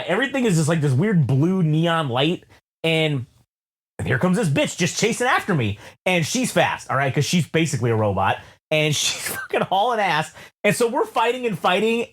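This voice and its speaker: A man co-hosting a casual album review chat, telling a long story with lots of swearing and laughter, jumping into loud high-pitched voices when he quotes himself. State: sweaty. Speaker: podcast co-host reviewing an album.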